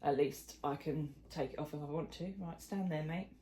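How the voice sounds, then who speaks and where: A woman's voice: low-pitched, moderate pace, warm tone, a little hiss or hum. A middle-aged woman chatting casually in a crochet vlog, rambling and self-deprecating, with plenty of fillers. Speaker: crochet vlogger. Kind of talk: casual chat.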